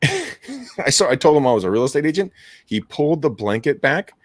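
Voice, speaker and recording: A man in his thirties, a real estate agent hosting a casual call session, telling stories with profanity and loud laughter. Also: on the high side, huge pitch swings, a little fast, dry recording, clean studio sound. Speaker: real estate agent hosting a live cold-calling stream. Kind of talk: casual chat, storytelling.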